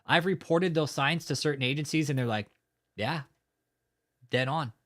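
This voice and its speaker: Hosting a livestream, a man speaks at a moderate pace in a highish, fairly bright voice. His chat is casual, he ridicules viewer comments with swearing, and laughter comes often.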